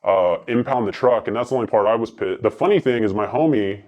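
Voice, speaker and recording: Brief: deep-ish male guest, loose profane storyteller, slightly dull lo-fi audio. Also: a little mellow. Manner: rambling, profane, fast anecdotes with many fillers. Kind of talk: casual storytelling.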